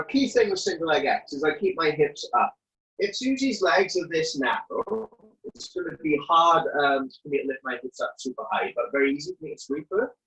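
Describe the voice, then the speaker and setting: A man teaches a jiu-jitsu technique over a video call, showing it as he explains. His voice sits a little high and jumps around in pitch. The call audio sounds dull and lo-fi. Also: fairly bright tone. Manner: chatty, demonstrates while explaining. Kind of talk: casual chat then technique instruction.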